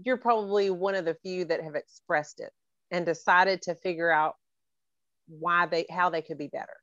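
Playful woman podcast host, low voice. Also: moderate pace, fairly bright tone, no room sound, lo-fi sound. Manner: playful, teasing, laughs often. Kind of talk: casual podcast chat.

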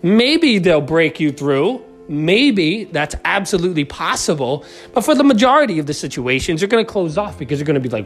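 A man coaching on communication in a lively, animated voice that swings up and down. He pitches a little high and often checks in with the listener. Soft music plays underneath. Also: moderate pace, hardly any pauses. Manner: animated, acts out quoted voices, says "right?" often. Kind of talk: motivational self-help talk.

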